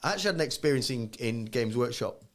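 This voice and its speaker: A man's voice: mid-range voice, expressive, quick pace. A man in his thirties co-hosting a live podcast, chatting casually and acting out quoted voices as he tells stories. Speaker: podcast co-host.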